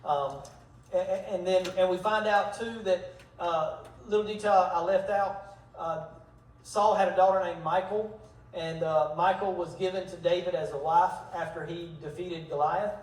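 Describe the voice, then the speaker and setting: Male pastor, high voice, casual storytelling teacher, distant mic in an echoey church hall. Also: fairly even intonation, normal speed. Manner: storytelling, retells scripture in modern slang, acts out dialogue. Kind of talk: casual Bible study teaching.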